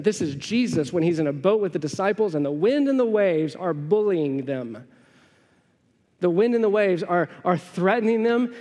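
A man in his thirties preaching a sermon, conversational and storytelling, often asking the congregation questions. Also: sits high. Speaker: pastor. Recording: long hall reverb.

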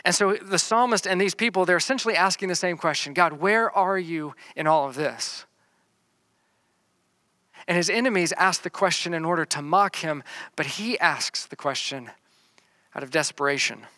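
A man preaching a sermon, reading scripture verses slowly and then explaining them in plain talk, often repeating words as he restarts. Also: on the high side, pushed and bright, no echo. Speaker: pastor. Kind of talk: sermon teaching through a psalm.

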